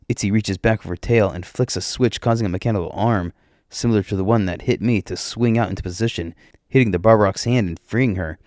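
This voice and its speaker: A man narrating a story in the first person, in a plain, steady way. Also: fairly low pitch, brisk, no room sound, studio quality.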